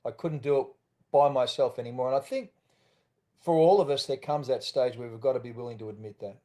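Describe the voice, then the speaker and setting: A man's voice: medium pitch, a little fast, mellow. A man with an Australian accent, a podcast guest telling his own story candidly and acting out the voices he quotes.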